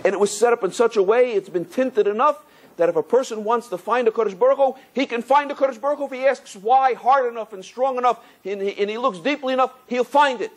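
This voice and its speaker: A middle-aged man, a rabbi, giving a Torah lecture in an animated storytelling manner full of repetitions. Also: very high voice, fast talker.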